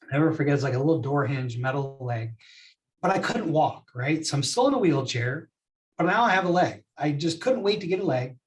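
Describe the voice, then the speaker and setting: A man's voice: a little high, distant mic, slight background noise. Candid man telling a story. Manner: candid, animated storytelling with voiced quotes. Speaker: podcast guest. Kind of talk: personal storytelling.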